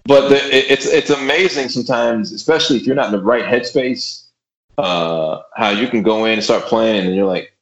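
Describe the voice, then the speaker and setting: A man's voice: medium pitch, normal speed, dull audio. A man who plays drums, chatting casually in a podcast. He swears freely, repeats his words and acts out what he once said. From Austin, Texas. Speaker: guest drummer. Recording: echoey room.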